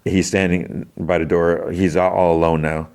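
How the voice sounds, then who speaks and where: A man's voice: sits low, little pitch movement, normal speed, a little mellow, smooth. A man hosting a podcast, casually retelling a TV episode in a rambling way full of fillers. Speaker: podcast host.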